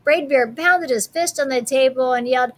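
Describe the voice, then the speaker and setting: Woman teacher reading a picture book to kids, high voice, chatty little asides. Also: moderate pace. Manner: friendly, chatty asides to children.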